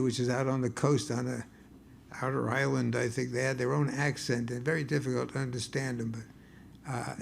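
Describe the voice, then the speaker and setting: A man's voice: medium pitch, vocal fry, a little mellow. An older man, a blues guitarist, telling wry, rambling stories on a concert stage between songs, often stumbling and restarting his words.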